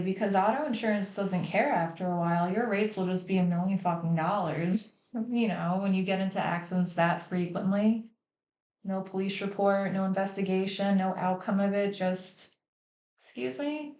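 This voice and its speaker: A woman's voice: mid-range voice, darkish tone. A woman hosting a livestream, talking candidly and emotionally about her family, swearing freely. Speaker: host. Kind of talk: candid personal talk on a livestream. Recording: echoey room.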